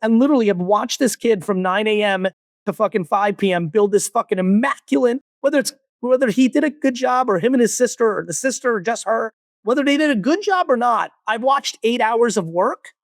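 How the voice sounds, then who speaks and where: A man in his forties, born in Russia, talking as a guest entrepreneur in a blunt, profane, animated way. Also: very high-pitched, a little fast, dry recording, studio quality. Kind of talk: casual interview talk.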